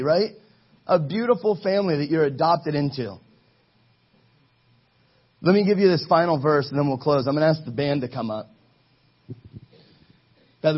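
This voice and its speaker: A man in his thirties preaching a sermon to his congregation in a church, energetic and exhorting, calling for answers from the pews. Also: on the high side, breathy edge, highs cut off. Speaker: pastor. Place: church sanctuary.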